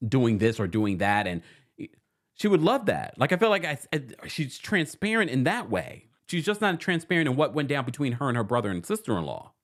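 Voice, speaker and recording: Casual recap host with a New York accent, lively pitch, animated and chatty. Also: male voice, brisk. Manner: animated, chatty, quotes people in lively mimicry.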